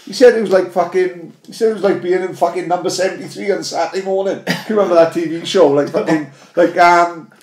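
Swansea host, slightly high voice, sweary storyteller, roomy echo. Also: male voice, steady tone, fast talker, few pauses, a little mellow. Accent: Welsh, Swansea. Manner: sweary storytelling, quotes others. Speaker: podcast host. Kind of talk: casual chat.

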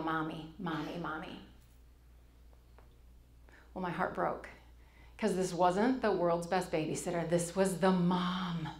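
Animated woman telling a story on stage. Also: on the low side. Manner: animated, acts out quoted voices. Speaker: speaker.

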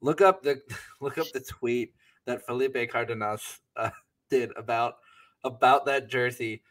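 Animated stammering podcast guy. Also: mid-range voice, unhurried. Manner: animated, stammers and restarts often. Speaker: podcast co-host. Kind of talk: casual chat.

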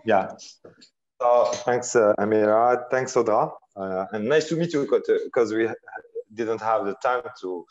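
Halting man with an Algerian French accent. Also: on the low side, slight background noise. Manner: halting, many fillers and repeated words. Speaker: incubator founder, workshop speaker. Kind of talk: casual online workshop talk. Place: office. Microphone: video call. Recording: dull lo-fi video call audio.

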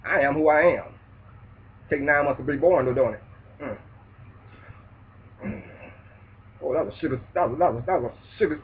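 Loud, preachy man on a tinny line. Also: fairly high pitch, fairly quick, pauses often, slight background noise. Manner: loud, preachy, profane street talk. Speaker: vlogger. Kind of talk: ranting monologue. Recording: distant tinny phone-like sound.

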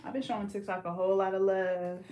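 A woman's voice: medium pitch, little pitch movement, fast talker, warm tone. A young woman from the Bay Area talks in a loose, slangy way on a livestream and reads viewer comments aloud as she works on a client's hair. She is pregnant. Her voice sits in a middle range and bounces around an echoey room. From California, Bay Area. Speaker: hairstylist and livestream host. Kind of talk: casual livestream chat.

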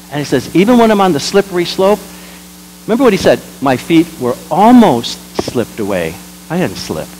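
A man, a pastor, preaching a sermon, jumping between loud exclamations and quiet asides and leading the congregation in repeating lines. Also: a little high, slight background noise, rough recording. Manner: leads the congregation in call-and-response.

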